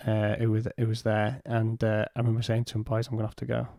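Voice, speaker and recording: A man, a podcast guest, telling a personal story in a halting way and retelling what was said in his own words. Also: lowish voice, completely flat delivery, creaky, warm tone, dry recording, studio quality.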